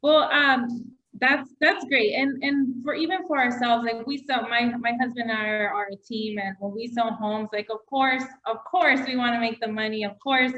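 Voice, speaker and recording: A woman's voice: a little high, fairly even intonation, moderate pace, few pauses, a bit bright, dull audio. A woman real estate agent interviewing a guest in a casual, encouraging way, laughing along.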